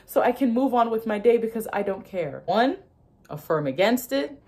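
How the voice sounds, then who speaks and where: A woman's voice: on the high side, very animated, moderate pace, a little mellow. A young woman who talks casually and emphatically, laughing often and acting out inner voices as she explains ideas to her viewers. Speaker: manifestation content creator.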